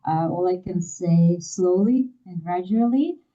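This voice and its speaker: A woman physician answering audience questions in a candid, brief and slightly hesitant way. Her voice is very dark and sits a little low. It sounds dull and far from the microphone. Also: measured pace. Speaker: physician panelist.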